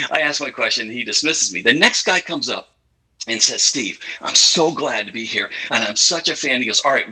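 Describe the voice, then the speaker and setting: A man on a video call telling an animated anecdote and chuckling through the punchlines. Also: fairly low pitch, rough recording. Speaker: guest storyteller. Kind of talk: casual online panel anecdote.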